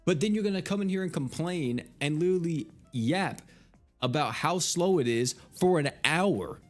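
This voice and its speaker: A man's voice: a little high, animated, normal speed, soft background music. An American man in his twenties, a game streamer telling a story in casual chat, exasperated, swearing freely and laughing as he goes. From United States. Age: 20s.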